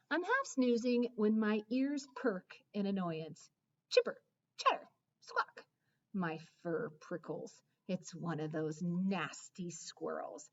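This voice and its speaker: A woman narrating a children's story in the first person, expressive, with dramatic hushes and excited rises. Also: medium pitch, lo-fi sound. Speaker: audiobook narrator.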